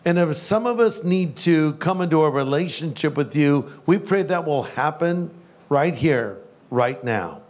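A man's voice: fairly high pitch, expressive, measured pace. A man preaching a sermon as pastor, conversational and joking, slipping into voices. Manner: jokey, conversational, does voices.

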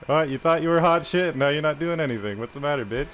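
A man's voice: fairly high pitch, quick pace, fairly bright tone, slight background noise. A young Canadian man trash-talking another player during an online game, mocking and swearing. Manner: taunting, profane, mocking. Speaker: gamer streamer.

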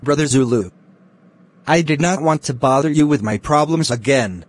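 A man voicing a humble, husky poor brother. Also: fairly high pitch, normal speed, close to an everyday voice. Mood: grateful. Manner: humble, grateful.

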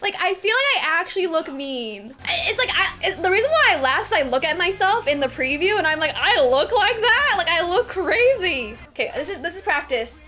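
A woman's voice: extremely high pitch, big pitch swings, brisk, hardly any pauses, sharp tone. A woman streamer chatting casually to her viewers, cursing and often breaking into laughter. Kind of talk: casual livestream chat. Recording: music playing in background.

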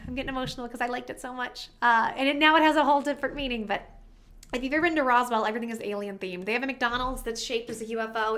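A woman's voice: on the high side, sharp tone. A woman vlogger telling a personal story in a chatty, rambling, emotional way. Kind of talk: casual storytime vlog.

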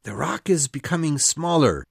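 A hurt, desperate young boy pleads in a low, urgent voice, as a woman narrator puts him on. His tone sits well below the storyteller's own, and the sound is close and dry. It is a storybook reading. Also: big pitch swings, normal speed, gravelly, husky, no echo, full character voice. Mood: grave.

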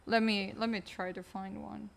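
A woman's voice: medium pitch, flat delivery, normal speed, creaky, a little hiss or hum. A woman streamer chatting casually while gaming, answering chat in a chatty, distracted way.

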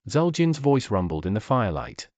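A man giving scripted narration of a fantasy story in a steady, even manner. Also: fairly low pitch, moderate pace, no echo.

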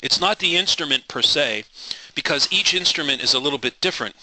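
A man's voice: on the high side, expressive, brisk, pushed and bright, no room sound, poor audio. A middle-aged man leading a live trading webinar, passionate and driven, rambling with frequent restarts and apologies.

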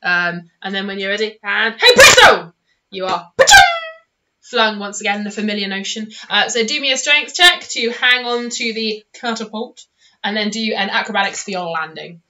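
Bright, giggly woman game master. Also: mid-range voice, normal speed, muffled recording, slight background noise. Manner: giggly, animated storytelling. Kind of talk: narrating a tabletop game.

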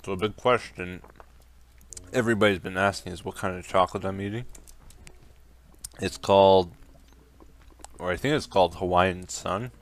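A young man giving let's play commentary on a video game, easily startled into yelps and laughs between calm, musing remarks. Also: low voice, moderate pace, pauses often. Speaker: gaming commentator.

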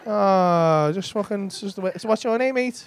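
A man's voice: high voice, normal speed, smooth. A man doing cheeky, sweary stand-up crowd work, bantering with people in the audience of a comedy club. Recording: live club with audience laughter.

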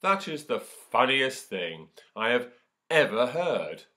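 A proud storybook lion, king of the beasts, voiced by a man booming loudly and slowly. The voice is big and commanding, with a roar behind it. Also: very animated, heavily acted. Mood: amused. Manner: booming, roaring with laughter.

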